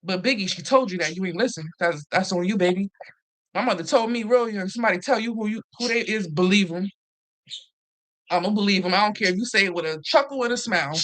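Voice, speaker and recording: A woman hosting a casual, animated recap chat, swearing freely and acting out what others said. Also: medium pitch, fast. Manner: animated, profane, acts out quotes. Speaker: host.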